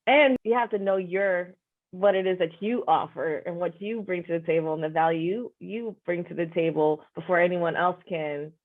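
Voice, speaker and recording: A woman hosts a podcast interview in a conversational way, her voice fairly low and her pace moderate. She sounds reflective and affirming and often says "you know." The recording has a narrow, phone-like quality.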